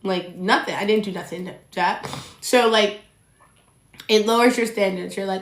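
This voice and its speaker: A young woman hosts a solo podcast in a blunt, animated voice and swears freely. She talks straight to her listeners. Her voice rings a little in an echoey room. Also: mid-range voice, normal speed. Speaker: podcast host. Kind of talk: casual solo podcast monologue.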